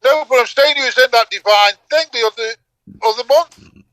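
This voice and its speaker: Role: co-player on a game stream. Style: casual chat. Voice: bright, dry close sound, teasing. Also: mid-range voice, moderate pace, no room sound, rough recording.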